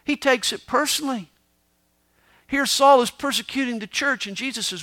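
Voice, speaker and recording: A man preaching a sermon, moving between booming emphasis and hushed, quiet asides as he tells the story. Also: lively intonation, normal speed, long pauses. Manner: dramatic preaching, swings from loud to hushed. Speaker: pastor.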